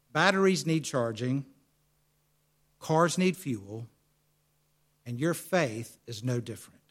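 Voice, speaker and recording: An American man preaching, asking his congregation questions and answering them himself, then telling a travel story. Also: mid-range voice. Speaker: pastor. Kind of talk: sermon.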